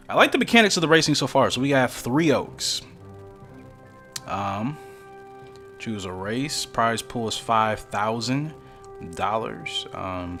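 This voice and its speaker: A man's voice: medium pitch, fairly bright tone. A man casually commenting as he plays a mobile game for his channel, rambling along with self-deprecating asides. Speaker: gaming YouTuber.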